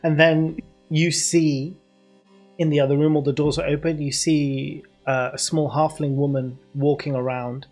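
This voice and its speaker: A man's voice: a little high, flat delivery, unhurried, a little mellow, soft background music. British man running a tabletop game. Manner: hesitant, filler-heavy narration with frequent laughs. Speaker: game master. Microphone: video call.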